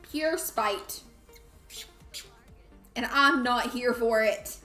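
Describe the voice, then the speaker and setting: A woman's voice: a little high, extremely slow, sharp tone, reverberant, faint music behind. A woman playing a life simulation game, chatting playfully and scolding her characters. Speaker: gamer streaming a life sim. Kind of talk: casual let's play commentary.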